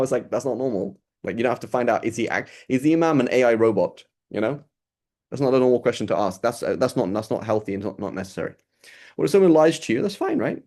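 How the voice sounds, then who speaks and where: A religious teacher gives an informal lesson, speaking casually and conversationally and posing rhetorical questions to his listeners. His mid-range male voice is a little mellow.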